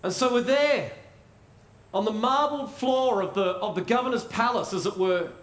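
A man preaching a sermon in a conversational way, asking rhetorical questions and pausing for effect. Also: high voice. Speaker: pastor. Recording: roomy echo.

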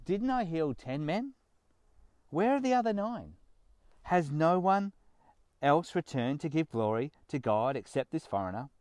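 A man in a sermon voicing a dismayed male teacher who asks pointed questions, his pitch rising. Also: very animated, unhurried, few pauses, darkish tone, clear, resonant tone, dry recording.

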